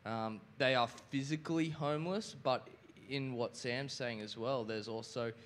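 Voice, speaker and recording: A man sharing haltingly at a church gathering, with many fillers. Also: medium pitch, fairly bright tone, slight background noise. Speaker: congregation member sharing. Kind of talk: casual sharing in a church talk.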